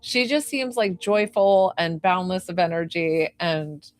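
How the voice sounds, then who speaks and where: A young woman working as a psychic medium, chatting to viewers on a live stream in a gushing, bubbly way, full of "like" and excited squeals. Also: fairly low pitch, a little slow. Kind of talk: live-stream reading and chat.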